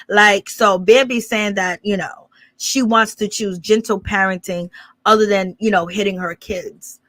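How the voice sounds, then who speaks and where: A woman's voice: medium pitch, fairly even intonation, normal speed, fairly bright tone, dry recording. A woman hosting a gossip commentary channel, recapping a clip in a rambling, casual way with lots of fillers.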